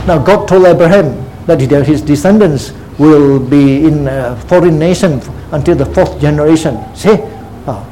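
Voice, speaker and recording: Methodical male preacher, mellow voice. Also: fairly high pitch, a little hiss or hum, rough recording. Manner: teaching, repeats "see?" and "you see" often; methodical, breaks ideas into numbered points. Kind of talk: expository sermon.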